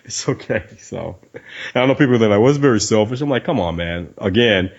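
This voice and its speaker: A man's voice: lowish voice, a little fast. A man hosting a casual podcast chat, telling stories animatedly, acting out quoted lines, laughing and swearing casually. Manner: animated storyteller who acts out quoted lines. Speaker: podcast host. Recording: dull lo-fi podcast audio.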